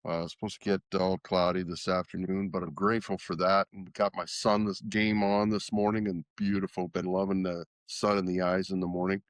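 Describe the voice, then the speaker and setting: A man's voice: low voice, flat delivery, a little fast, few pauses, no room sound. A man co-hosting a podcast, rambling in casual chat with many fillers. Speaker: podcast co-host.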